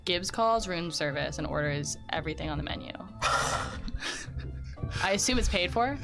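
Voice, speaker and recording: A woman's voice: fairly low pitch, lively intonation, moderate pace, creaky, over music. A woman playing a tabletop game who speaks casually and playfully, with hesitant fillers. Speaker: player.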